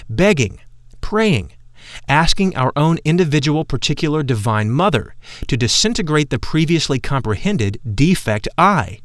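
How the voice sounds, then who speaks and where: A man reading an audiobook aloud in a solemn, measured way, stressing key words. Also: a little high, dry recording, studio quality. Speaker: audiobook narrator. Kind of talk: scripted audiobook narration.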